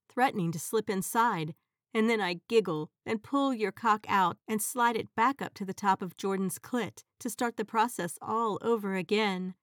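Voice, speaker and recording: A woman narrating an erotic audio story in a soft, even, intimate storytelling voice. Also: mid-range voice, dry recording, clean studio sound.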